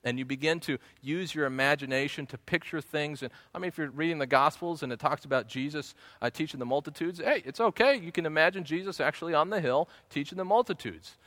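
A man's voice: medium pitch, pushed and bright, no echo. A male pastor teaching in an earnest sermon style, repeating key phrases and often restarting his sentences.

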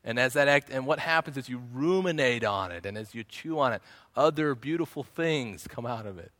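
A man's voice: medium pitch, animated, fairly quick, fairly bright tone, no echo. A male pastor teaching in an earnest sermon style, repeating key phrases and often restarting his sentences.

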